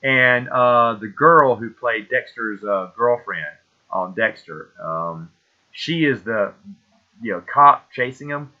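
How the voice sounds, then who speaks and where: A man hosts a casual solo movie show, talking enthusiastically and rambling, often losing names mid-sentence while he fishes for them. His voice is mid-range and slow, with phone-quality sound.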